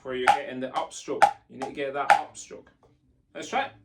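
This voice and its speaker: A man's voice: mid-range voice, fairly even intonation, a little fast, creaky, very noisy. A man teaching pipe band drumming, counting in and chanting sticking patterns in an encouraging, jokey way. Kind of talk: instructional lesson, counting in and calling rudiments. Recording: distant mic with loud drumming behind.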